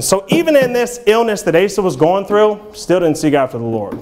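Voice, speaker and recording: Thirties guy preaching in church, kinda high voice, casual, reads kjv verses. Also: big pitch swings, fairly quick, few pauses, darkish tone. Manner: informal, conversational, peppered with "you know" and "man"; reads scripture aloud in King James English. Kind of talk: sermon.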